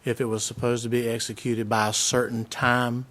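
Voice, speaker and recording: A man on a planning board answering a resident, measured and hesitant with frequent pauses. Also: medium pitch, flat delivery, a bit bright. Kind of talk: formal response at a public meeting. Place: county meeting room.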